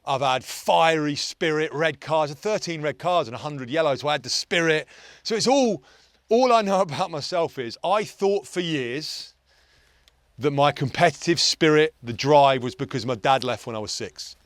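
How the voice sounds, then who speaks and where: With studio quality and no echo, a man in his forties speaks at a moderate pace in a voice on the high side. He's a performance coach chatting casually on an outdoor golf course, telling his stories intensely and bluntly with occasional swearing.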